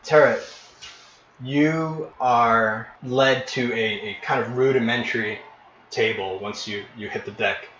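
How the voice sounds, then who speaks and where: A man narrating as game master, painting scenes in vivid detail with frequent pauses and restarts. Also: medium pitch, a bit bright, a little hiss or hum. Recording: echoey, dull lo-fi room recording.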